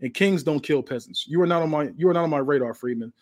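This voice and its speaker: A man's voice: fairly high pitch, fast talker, natural voice. A man voicing a menacing, boastful male wrestling champion who threatens his rival.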